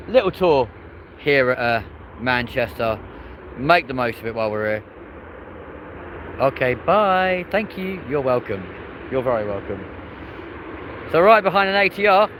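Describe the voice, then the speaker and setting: Outdoors by an airport, a man live-streams his plane spotting from a phone, chatting brightly and addressing his audience as friends and folks. His mid-range voice has a fairly bright tone, and a faint hiss or hum runs underneath.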